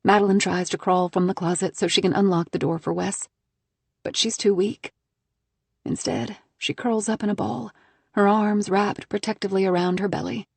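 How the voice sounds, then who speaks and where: Role: audiobook narrator. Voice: husky woman, mid pitch. Style: tense, measured thriller reading. Sound: dry, close mic. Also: darkish tone, dry recording.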